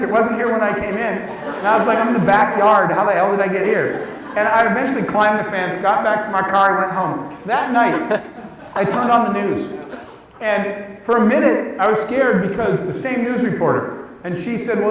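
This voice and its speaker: A man giving a storytelling talk to an audience, lively and acting out the dialogue of the people in his story. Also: sits high. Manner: animated, acts out quoted dialogue. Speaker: guest speaker. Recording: echoey hall, distant mic.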